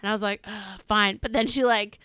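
A woman co-hosting a casual film chat, animated and swearing freely as she acts out scenes. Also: medium pitch, brisk, clear, resonant tone, no room sound, studio quality. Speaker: podcast co-host.

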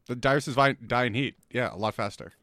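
A man co-hosting a comedy podcast, from Canada, cursing freely and mocking things in loud put-on quotes. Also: mid-range voice, fairly quick, dry recording, clean studio sound. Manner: profane, loud mocking impressions. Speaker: podcast co-host. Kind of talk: crude casual comedy banter.

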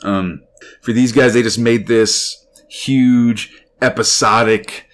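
Guy cohosting a podcast, mid pitch, rambles excitedly with lots of ums and likes. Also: takes it slowly. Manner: enthusiastic, rambling with many fillers. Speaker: podcast co-host. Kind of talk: casual chat.

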